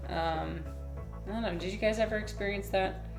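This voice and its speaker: A woman's voice: medium pitch, moderate pace, creaky. A woman hosting a casual live stream, chatting playfully and reading aloud. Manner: chatty and playful, cooing baby talk to her pet. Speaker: livestream host. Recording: echoey room with music playing.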